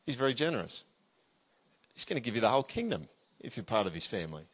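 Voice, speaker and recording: A man's voice: medium pitch, sing-song, fast, breathy edge. Man preaching a conversational sermon. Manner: conversational preaching, with many tag questions; emphatic, reads scripture aloud. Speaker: pastor.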